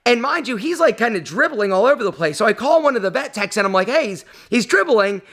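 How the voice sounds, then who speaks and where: A man's voice: very high-pitched, very animated, quick pace, a bit bright. A man telling a personal story on his vlog, emotional and rambling, with lots of fillers. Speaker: vlog host.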